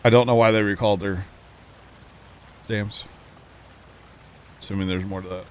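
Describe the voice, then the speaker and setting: A man with a very low voice chats casually while streaming a farming game, joking around and answering his chat. Faint game vehicle noise hums in the background. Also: steady tone, normal speed. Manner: chatty, jokey, reading chat aloud.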